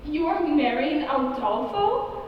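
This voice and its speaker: A woman's voice: high voice, lively intonation, takes it slowly, highs cut off, a little hiss or hum. A young woman playing a glamorous starlet bride in a stage musical, theatrical and dramatic. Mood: surprised. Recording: echoey stage hall from far off.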